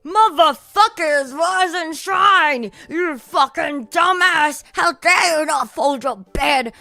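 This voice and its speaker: Bellowing sweary army drill sergeant, put on by a woman, high and sharp, dry close sound. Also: slow pace, creaky, dry recording, faint music behind, heavily acted. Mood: yelling. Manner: crude, yelling insults.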